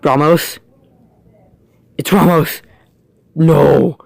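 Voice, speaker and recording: A young man commentating a game pack opening, jumping from quiet mumbling to loud, high yelling. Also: steady tone, drawn-out words, creaky, no room sound. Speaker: gaming YouTuber.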